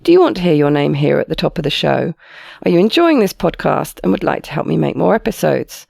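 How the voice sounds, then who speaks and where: A woman hosting a podcast, reading her introduction and then interviewing with animated restarts. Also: low-pitched, a little fast, vocal fry, dry recording, studio quality. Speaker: podcast host.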